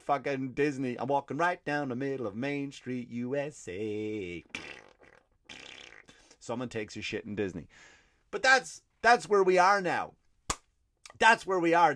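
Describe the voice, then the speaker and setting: A man's voice: on the high side, fairly bright tone. An Irish man hosting a comedy podcast, telling a profane, rambling story in a monologue. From Ireland. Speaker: comedian host.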